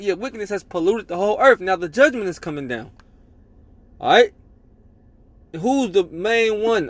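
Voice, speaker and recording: Preacher, male, high voice, dry close sound, emphatic scripture-reading sermon. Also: expressive, fairly quick, long pauses, dry recording. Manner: emphatic, tags lines with "man" and "all right?".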